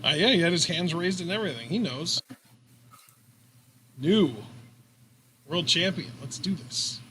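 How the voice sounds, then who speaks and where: A man's voice: high-pitched, expressive, a little slow, a bit bright, a little hiss or hum. A man co-hosting a live wrestling reaction stream, joking playfully and swearing freely. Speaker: co-host of a wrestling watch-along. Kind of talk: casual live reaction chat.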